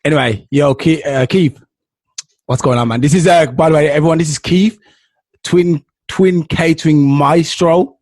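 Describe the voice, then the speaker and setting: Male podcast host, playful and teasing, slightly husky voice, dry close recording. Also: on the high side, moderate pace, no room sound. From Jamaica. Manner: playful, teasing, loud interjections of "yo". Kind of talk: casual chat.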